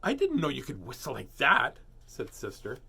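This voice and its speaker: A man's voice: medium pitch, wildly swooping pitch, normal speed, creaky, bright, forceful tone, breathy edge. A man reading a children's storybook aloud, doing playful character voices and joking asides. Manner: playful, jokey asides and puns. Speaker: storybook reader.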